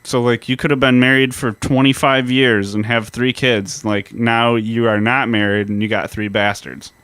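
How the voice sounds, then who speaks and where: A man's voice: medium pitch, flat delivery, normal speed, fairly bright tone, smooth, dry recording. A man co-hosting a history podcast, explaining events in a casual way and swearing freely. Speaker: podcast co-host.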